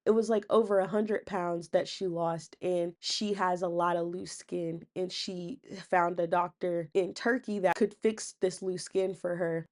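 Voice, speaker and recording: Young female recap host, slightly low voice, casual and sassy with slangy asides. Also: a little mellow.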